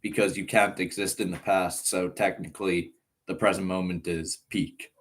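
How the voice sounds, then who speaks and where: Chatting casually on a live stream, this nineteen-year-old Irishman sounds American and rambles along with lots of fillers and frequent laughs, reading chat aloud in a laid-back way. His voice is low and steady, fairly bright, at a moderate pace.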